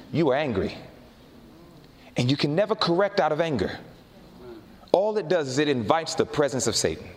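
A man preaching to a congregation, his fairly high voice rising and falling in a lively, animated way. He tells stories with energy and slows down for emphasis. His voice rings out with a long hall reverb. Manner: animated storytelling, slowing down for emphasis. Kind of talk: sermon.

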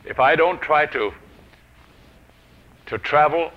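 A man preaching a sermon, telling a personal story and swinging from loud declarations to hushed whispers. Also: on the high side, slow. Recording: dull lo-fi old recording.

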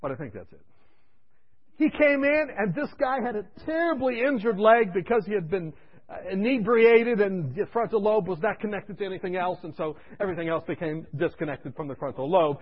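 A male preacher telling a story in his sermon, animated and conversational, dropping to a hush for asides. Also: high voice, a little fast, muffled recording.

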